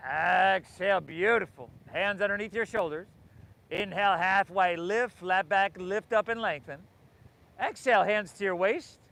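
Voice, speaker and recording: Male yoga teacher, higher-pitched, calls cues to a group, encouraging. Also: measured pace, vocal fry, bright, forceful tone. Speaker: yoga instructor. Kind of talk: guiding a yoga class. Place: outdoors by the ocean.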